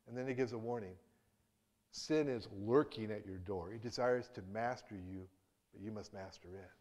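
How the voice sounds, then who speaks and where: Conversational male preacher, mid-pitched. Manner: conversational, with restarts and quoted dialogue, swinging between hushed and emphatic. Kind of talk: sermon.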